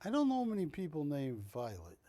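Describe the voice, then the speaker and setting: A man hosting a live shopping channel, pitching art with jokey, teasing sales patter from a television studio. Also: huge pitch swings, brisk, dark tone, no echo.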